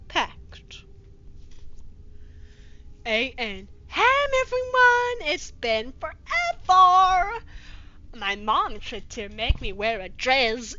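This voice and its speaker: A woman's voice: a little high, pushed and bright, dull audio, slight background noise. A woman hosting a comedic reading of fanfiction with her own commentary, speaking in a profane, sarcastic and exasperated manner. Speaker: host reading fanfiction aloud.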